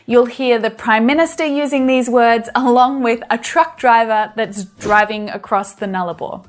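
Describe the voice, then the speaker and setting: A woman's voice: fairly high pitch, normal speed, faint music behind. An Australian woman with an Australian accent, giving a friendly English lesson on YouTube and laughing now and then. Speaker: English teacher.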